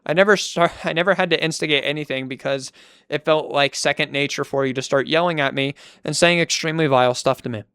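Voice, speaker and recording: Smooth-voiced man reacting with disbelief. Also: fairly high pitch, quick pace, fairly bright tone, dry recording, studio quality. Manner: incredulous, laughing asides. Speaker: YouTube commentator. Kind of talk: reacting to and reading out chat logs.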